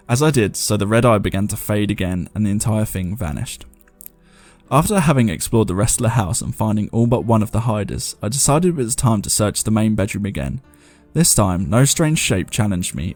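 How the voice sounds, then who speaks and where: A man's voice: fairly low pitch, a little mellow. A man hosting a paranormal podcast, chatting casually and reading listener stories aloud in a rambling, self-mocking way.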